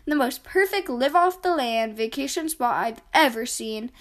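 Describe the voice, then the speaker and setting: A big, cheerful father bear boasts heartily about his wilderness plans, read aloud by a woman. The voice sits a little high, as in a storybook told to children. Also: expressive, moderate pace.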